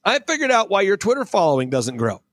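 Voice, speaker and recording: A man mimicking an excited, blunt friend. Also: high voice, quick pace, background noise.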